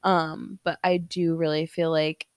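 A woman's voice: deep voice, little pitch movement, a little slow, no room sound. A young woman from the American Midwest, a hairstylist, chatting casually as a podcast guest with lots of "like" and "um" fillers. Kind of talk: casual interview chat.

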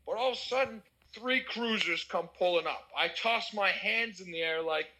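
A young American man telling a wild party story in casual chat, animated and swearing. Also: high voice, normal speed, few pauses, low-quality recording. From United States.

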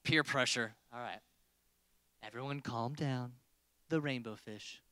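A man's voice: mid-range voice, unhurried, bright, forceful tone, clear, resonant tone, dry recording. A man in his thirties preaching a casual, joking sermon to a congregation. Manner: playful, joking with the crowd.

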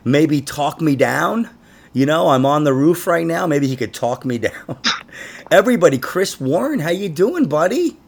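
A man's voice: fairly high pitch, moderate pace, vocal fry. A man hosting a comedy podcast, chatting casually and laughing often as he tells stories. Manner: laughs often, animated storytelling. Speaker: podcast host.

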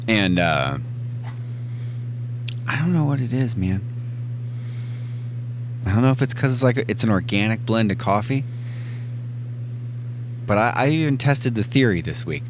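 Man, low voice, very slow talker, rambling, casual podcast chat, faint hum behind. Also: animated. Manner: unhurried, rambling, with many ums and swears. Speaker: podcast co-host.

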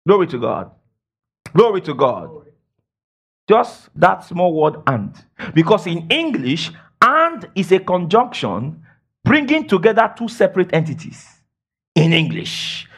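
A man preaching a sermon and teaching the Bible, asking the congregation questions and filling his talk with "praise God" and "all right". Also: fairly bright tone. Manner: emphatic, swoops between high and low.

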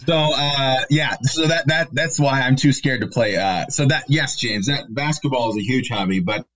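A man's voice: medium pitch, moderate pace, fairly bright tone, low-quality recording. A middle-aged man chatting as a guest on a video call from his home basement, full of fillers and restarts. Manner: rambling, many fillers and restarts. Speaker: guest, company regional director. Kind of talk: casual interview chat.

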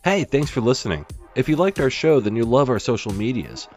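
A man's voice: medium pitch, very animated, a little fast, a little mellow, soft background music. A man co-hosting a podcast, tossing in dry quips and reading the show's sign-off. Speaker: podcast co-host. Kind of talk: casual chat.

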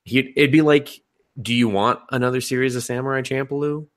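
A young man co-hosting a podcast in casual chat, rambling and animated, laughing often and swearing freely. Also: medium pitch, fairly quick. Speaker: podcast co-host.

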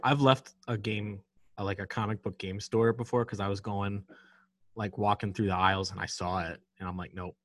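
A man's voice: fairly low pitch, steady tone, moderate pace, a bit bright, no echo. A young man co-hosting a casual podcast, chatty and repeating himself. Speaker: podcast co-host. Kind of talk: casual chat.

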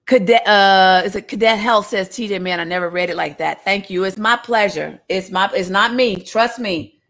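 A woman preaches, reading scripture aloud and breaking off into casual, humorous retellings. Her voice sits at an average pitch. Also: normal speed. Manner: animated storytelling, jokes and voices, casual asides. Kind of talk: sermon, reading scripture with commentary.

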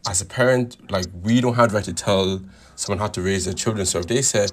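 A man's voice: deep voice, fairly quick. A man leaving a casual voice message for a podcast, slangy and a bit hesitant. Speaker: listener sending a voice note.

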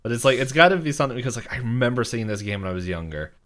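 A man's voice: mid-range voice, sing-song, rapid-fire, fairly bright tone. A young man co-hosting a podcast, recapping a cartoon episode in a loose, rambling way, filling with "like" and acting out characters' lines. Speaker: podcast co-host.

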